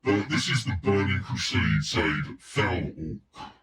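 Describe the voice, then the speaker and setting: A man talking through an in-game voice changer filter, slowly showing off each effect. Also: low-pitched, fairly bright tone, roomy sound, distant mic, slight background noise, voice pushed down. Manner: slow demonstrating chatter.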